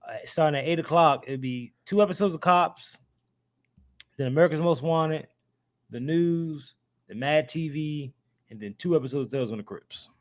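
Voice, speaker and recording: A man's voice: fairly high pitch, normal speed. A man co-hosting a podcast over a video call, laid-back and rambling, laughing easily in casual chat. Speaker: podcast co-host.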